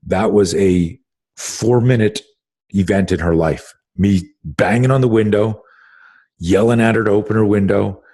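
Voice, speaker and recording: Deep husky man telling an intense story. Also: a little slow, dark tone. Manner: intense, blunt, swears freely, restarts often. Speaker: self-defense instructor and podcast host. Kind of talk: animated podcast storytelling.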